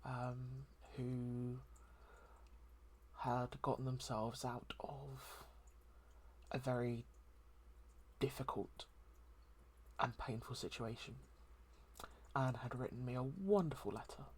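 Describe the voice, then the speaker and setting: A host talking through a heartfelt solo chat in a soft, hesitant and reflective way, with many pauses and ums. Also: mid-range voice, a little hiss or hum. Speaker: daily channel host.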